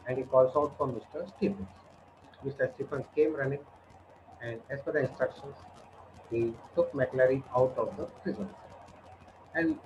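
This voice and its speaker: A man's voice: a little high, a little hiss or hum. A male teacher, retelling a story to students in a conversational way and checking in with them. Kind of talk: storytelling lesson. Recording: dull lo-fi with cooing pigeons. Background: pigeons cooing.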